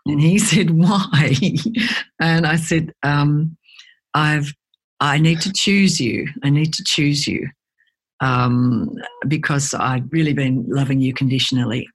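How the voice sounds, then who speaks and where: A woman, a guest speaker chatting in an interview and telling lively stories, acting out the voices of people she quotes. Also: deep voice, unhurried, husky. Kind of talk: conversational interview.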